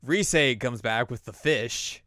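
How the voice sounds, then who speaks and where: Podcast host, male, casual recap of an anime, smooth and clear, dry close sound. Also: medium pitch, unhurried, sharp tone, no echo. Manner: chatty, acts out the scenes he recaps.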